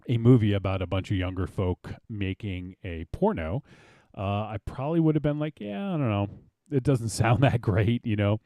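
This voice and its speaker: A man hosting a casual horror film discussion podcast, relaxed and rambling with many fillers. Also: lowish voice, dry recording, clean studio sound. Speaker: podcast host.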